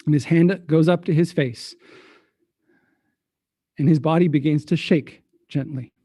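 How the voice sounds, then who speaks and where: A man narrating as game master for a tabletop game, relaxed and a little hesitant. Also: a little high, measured pace, husky, no room sound, clean studio sound.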